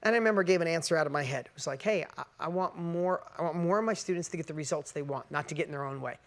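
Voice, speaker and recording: A middle-aged motivational speaker with a slightly higher than usual, fairly bright voice tells a personal story to listeners at a racing pace. He is earnest and emotional, acting out the quoted conversations as he goes.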